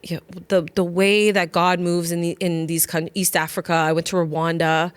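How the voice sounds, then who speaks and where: A woman in her thirties or forties co-hosting a podcast, telling her faith story earnestly in quick bursts. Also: lowish voice, little pitch movement, smooth, dry recording. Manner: earnest, talks in bursts with many fillers and restarts. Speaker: podcast co-host. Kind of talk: heartfelt faith conversation.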